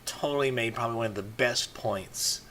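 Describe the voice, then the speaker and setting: Male vlogger with a bright, forward tone, rambling off-the-cuff commentary. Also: mid-range voice, moderate pace, a little hiss or hum. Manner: rambling, many "you know" fillers and restarts.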